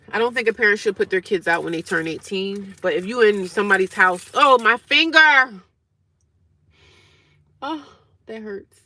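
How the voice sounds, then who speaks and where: A woman's voice: medium pitch, sharp tone, no room sound, low-quality recording. A woman in her forties chatting casually on a live stream outdoors by her car, talking to viewers and answering their comments as she goes. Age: 40s. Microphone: phone on a tripod.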